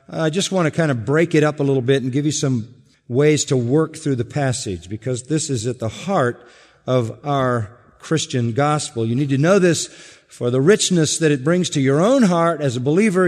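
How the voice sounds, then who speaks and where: A man preaching an expository sermon as pastor, driving points home by repeating them and swinging between loud emphasis and hushed asides. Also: mid-range voice. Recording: long hall reverb.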